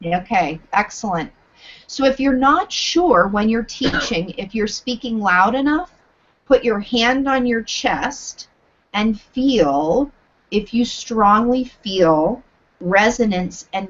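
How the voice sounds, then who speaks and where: Slow, deliberate woman yoga trainer. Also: mid-range voice, fairly bright tone, muffled recording. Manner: clear, deliberate instructing. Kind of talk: live online teacher training.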